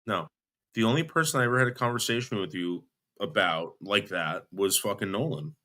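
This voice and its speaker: Guy on a stream arguing back, keeps repeating himself, cusses, bright edgy voice. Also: fairly low pitch, expressive, fairly quick. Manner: defensive, repeats himself, swears; restarts sentences often. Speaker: livestream guest. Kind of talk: heated argument on a live stream.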